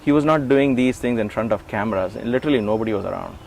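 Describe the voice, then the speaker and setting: A fast-talking middle-aged man with a lowish voice and vocal fry shares memories of being an assistant in a conversational interview. He animatedly acts out what people said. Background noise is audible.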